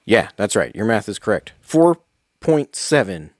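A man's voice: lowish voice, sing-song, unhurried, dry recording, clean studio sound. Casual man talking. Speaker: podcast co-host. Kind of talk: casual comedic chat.

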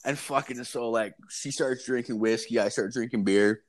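A man's voice: medium pitch, normal speed. A young man telling a wild story in casual chat, rambling and profane, with lots of filler words.

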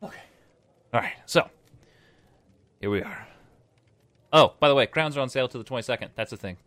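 A man co-hosting a podcast, chatting casually and excitedly, joking and laughing often. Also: mid-range voice, brisk, no room sound. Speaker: podcast co-host. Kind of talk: casual chat.

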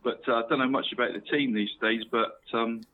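A man's voice: mid-range voice, fairly even intonation, fairly quick, narrow, tinny audio, slight background noise. A man from Cornwall co-hosting a football podcast, chatty, laughing often and calling everyone "mate". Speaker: podcast co-host. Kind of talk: casual football chat.

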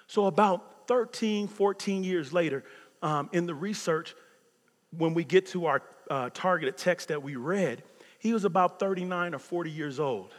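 A man in his fifties preaching a sermon as pastor, swinging from loud preaching to hushed near-whispers. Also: high-pitched, normal speed. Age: 50s. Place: church sanctuary. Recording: long hall reverb.

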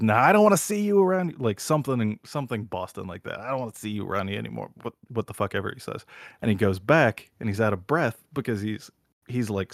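Casting: man, lower register, animated profane storyteller, dry close sound. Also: no echo. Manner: animated storyteller who swears freely. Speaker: podcast host. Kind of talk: casual chat, retelling a show scene.

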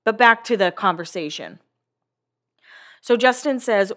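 A woman's voice: medium pitch, expressive, a little slow, a bit bright. Chatty woman podcaster. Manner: chatty, filler-heavy, occasional swearing. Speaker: podcast host. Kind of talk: casual recap podcast.

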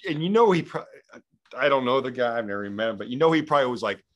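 A man's voice: mid-range voice, fast. An American man from Idaho, an actor, chatting casually on a podcast and laughing often. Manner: laughs often, animated storytelling.

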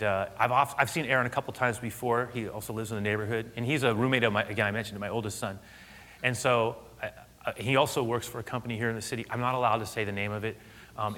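A middle-aged man preaching, a pastor telling a lively personal story before moving into the sermon. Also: mid-range voice. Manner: animated storyteller, laughing and loud at punchlines.

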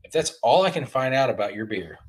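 Husky, lively-voiced casual man. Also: medium pitch. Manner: halting, with many restarts. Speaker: podcast co-host. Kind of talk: casual chat.

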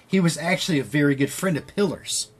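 A man's voice: a little high, animated, fast, husky. A man hosting a podcast, casually retelling a story with loose quoted dialogue and frequent swearing. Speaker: podcast host.

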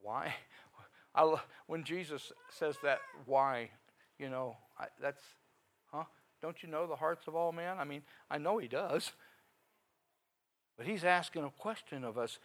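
A man preaching a sermon in a folksy, conversational way, swinging from quiet talk up to sudden loud rises. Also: a little high, unhurried, long pauses, rough recording.

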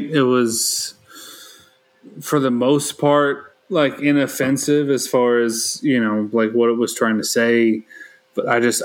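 A man co-hosting a casual movie review, speaking in a halting, hesitant way. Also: mid-range voice, low-quality recording. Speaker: podcast co-host.

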